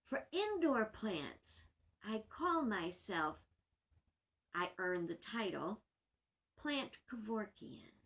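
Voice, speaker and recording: A woman minister talking casually to the camera, chatty and quick to laugh. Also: medium pitch, very animated, a bit bright. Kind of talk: casual storytelling vlog.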